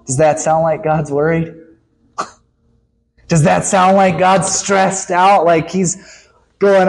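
A man preaching a sermon with emphasis, his voice rising high for the voices he quotes and dropping low when he reads scripture. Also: animated, slow, long pauses, slightly rough.

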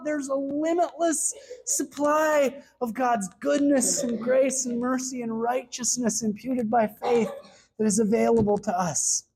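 A woman's voice: fairly high pitch, darkish tone, breathy edge, low-quality recording. A woman preaching a sermon, earnestly acting out little dialogues between God and a timid asker.

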